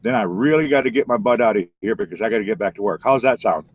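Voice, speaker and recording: A man's voice: lowish voice, fast talker, no room sound. Chatty man on a muffled stream mic. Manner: rambling, chatty. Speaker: stand-in streamer. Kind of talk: casual live-stream chat. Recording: dull lo-fi dry stream audio.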